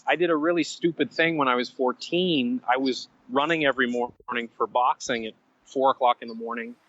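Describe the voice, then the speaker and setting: A man telling stories as a podcast guest, animated and self-mocking, drifting into side stories. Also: medium pitch, a little fast, no room sound, highs cut off. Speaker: guest writer. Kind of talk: conversational storytelling.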